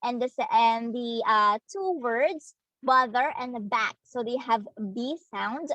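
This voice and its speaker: A young woman with a Filipino accent leads a demo lesson, her voice sitting a little high. She explains at an unhurried pace, stopping to search for words. The sound is dry and close. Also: pushed and bright, no room sound, muffled recording. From Philippines. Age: young adult. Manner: slow, hesitant, explaining to students. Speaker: student teacher.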